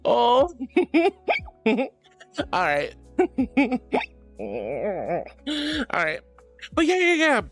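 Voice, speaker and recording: Sweet, giggly woman streamer with lively pitch. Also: drawn-out words, pauses often, soft background music. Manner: sweet, giggly, affectionate, reads chat aloud. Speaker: VTuber streamer. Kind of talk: casual live-stream chat.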